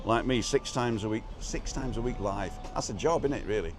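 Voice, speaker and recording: A man's voice: lowish voice, brisk. Jokey man hosting a live stream. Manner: jokey, chatty, greets viewers by name. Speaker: livestream host. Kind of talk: casual live-stream chat. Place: outside an inn by a road.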